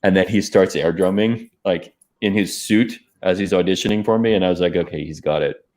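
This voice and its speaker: A man's voice: low-pitched, fairly even intonation, fairly quick, a little mellow. A man, a filmmaker, talking casually over his own film during a watch party, rambling with many fillers and restarts on a video call.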